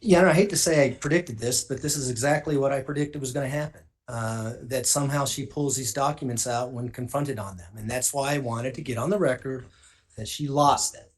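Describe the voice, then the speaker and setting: A man's voice: medium pitch, fairly quick. A man cross-examining a witness in a courtroom as prosecutor, asking pointed, pressing questions.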